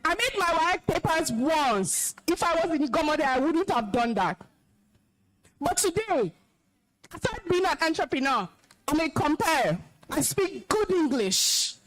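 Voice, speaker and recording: A Nigerian-accented woman, an alumna serving as guest speaker and compere, sternly addresses a school's students at a live event in the school hall, scolding and commanding with emphasis. Her high-pitched voice is very animated and unhurried, and the recording is rough.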